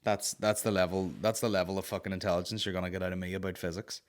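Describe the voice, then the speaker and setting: A young man, hosting a podcast with sweary, rambling comic banter and sudden loud mock-operatic wails. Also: low-pitched, little pitch movement, fast talker. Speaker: podcast host. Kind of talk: casual comedic banter.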